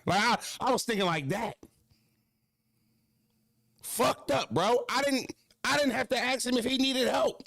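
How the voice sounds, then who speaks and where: A man hosting a live stream, telling a story casually to his chat in an animated, profane way that swings between high excited and low mocking tones. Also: measured pace, creaky, pauses often, no echo, clean studio sound.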